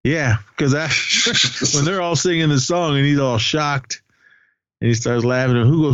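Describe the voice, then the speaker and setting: A man's voice: mid-range voice, moderate pace, a bit bright, dry recording, dull audio. A man co-hosting a podcast, casually retelling a film's scenes in a rambling way, acting out quoted lines. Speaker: podcast co-host. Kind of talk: casual movie recap chat.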